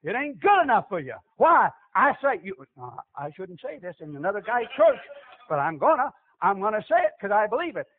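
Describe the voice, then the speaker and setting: A man's voice: high voice, big pitch swings, brisk. A middle-aged man preaching a sermon, with an emphatic, repetitive cadence. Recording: tinny phone-like lo-fi audio.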